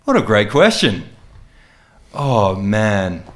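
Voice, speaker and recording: A middle-aged Australian man, a podcast guest, telling stories in an animated, expressive way and laughing often. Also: on the low side, takes it slowly, soft background music. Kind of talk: casual podcast conversation.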